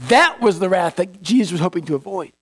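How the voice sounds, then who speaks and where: High-voiced pastor preaching casually. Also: male voice, lively intonation, fast talker, slightly rough. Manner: conversational, folksy, many repeated restarts; acts out biblical figures in quoted voices. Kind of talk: sermon.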